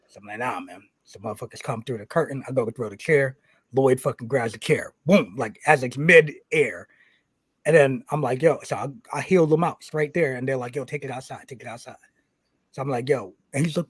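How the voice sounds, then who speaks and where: This wrestling podcast co-host has a husky mid-range voice, fairly quick, with no room sound. He tells his story in a casual, animated way, cursing nonstop and performing the quoted exchanges between people.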